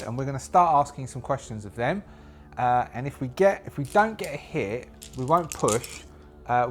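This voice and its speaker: Man narrating a solo tabletop game. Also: mid-range voice. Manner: rambling, thinking aloud, many fillers and restarts. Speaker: solo game master and player.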